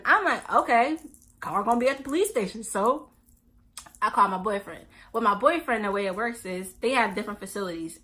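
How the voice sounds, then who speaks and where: A woman's voice: a little high, sharp tone. A woman in her twenties telling a storytime vlog in a casual, slangy way, acting out both sides of each conversation. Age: 20s. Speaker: vlogger.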